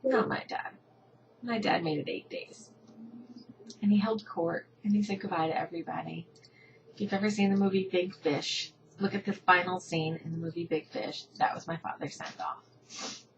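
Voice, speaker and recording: A woman's voice: lowish voice, fairly even intonation, normal speed, dull audio, slight background noise. A middle-aged woman from New Jersey telling her family story, emotional and heartfelt, her voice sometimes dropping to a whisper. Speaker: patient advocacy founder. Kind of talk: personal story to camera.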